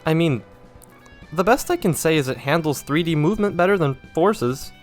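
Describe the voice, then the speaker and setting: A man's voice: a little high, expressive, normal speed, soft background music. A young man narrating a scripted video essay about a game, sarcastic and self-mocking, with wry asides.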